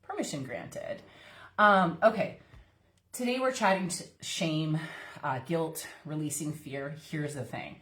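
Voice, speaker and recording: A woman's voice: low-pitched, slow, fairly bright tone. A woman coach hosting a casual live-streamed masterclass, talking in a loose, chatty way with lots of fillers and frequent laughs. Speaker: coach and workshop host. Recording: roomy, echoey sound.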